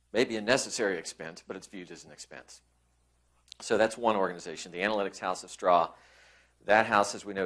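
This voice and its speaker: Giving a conference talk, this presenter keeps it conversational, frequently restarting sentences and voicing the colleagues he quotes. He has a fairly low pitch and a fairly bright tone.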